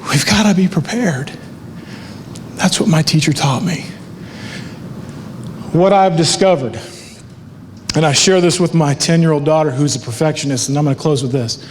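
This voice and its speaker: A middle-aged man giving a motivational speech, telling stories in a lively way and acting out other people's voices. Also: on the high side, normal speed, pauses often. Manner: animated storytelling, acts out voices. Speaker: motivational speaker. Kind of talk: keynote speech with live art. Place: large hall with live audience. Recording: long hall reverb, faint background noise.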